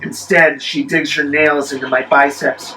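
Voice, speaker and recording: A man telling a spooky story in the first person, measured, with wry deadpan asides. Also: a little high, soft background music, poor audio.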